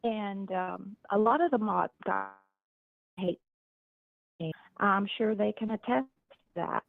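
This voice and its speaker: A middle-aged woman calling into a livestream, speaking in a slow, weary way with sighs and hesitations. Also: mid-range voice, vocal fry, dry recording. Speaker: caller. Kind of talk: phone call into a livestream. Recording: tinny phone line.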